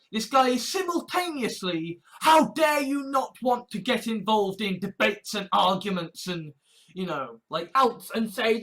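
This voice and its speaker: A woman's voice: medium pitch, animated, a little slow. A woman with a British accent, preaching a heated, sarcastic sermon and mocking her opponents. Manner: sarcastic, heated, mocks opponents in shouted mimicry. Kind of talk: impassioned sermon rant.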